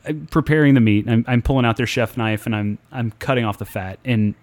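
A man's voice: medium pitch, fairly even intonation, brisk, darkish tone. A man co-hosting a casual talk show, telling a long story in a profane, exasperated way, with frequent restarts and repeated words.

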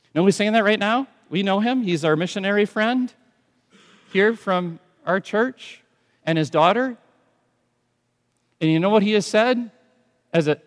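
Dynamic preaching man in a reverberant hall. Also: high-pitched. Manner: dynamic preaching, swinging from hushed to loud emphatic. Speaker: pastor. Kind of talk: sermon.

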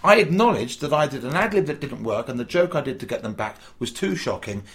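Fast, excitable comedian on a video call. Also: male voice, medium pitch. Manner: fast, emphatic storytelling with acted-out quotes. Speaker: stand-up comedian, guest. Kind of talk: animated interview chat. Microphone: video call mic.

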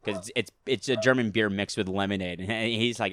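A man's voice: on the low side, a little fast, fairly bright tone, a little hiss or hum. A man with an East Coast accent, chatting casually as a podcast co-host and telling rambling, profane, jokey stories. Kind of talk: casual chat.

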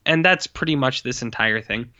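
Bright-voiced man, rambling film review. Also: medium pitch, expressive, moderate pace, dull audio. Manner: rambling, profane, mimics people in quotes. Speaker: podcast co-host. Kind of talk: casual film review chat. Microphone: own microphone with mute.

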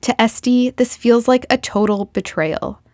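A woman reporter giving measured, scripted documentary narration. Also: on the high side, expressive, a little mellow, dry recording, studio quality.

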